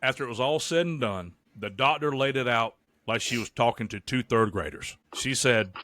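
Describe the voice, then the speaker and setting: A man co-hosting a podcast, telling stories in a joking, profane, animated way. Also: mid-range voice, normal speed, no room sound. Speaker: podcast co-host. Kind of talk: casual chat.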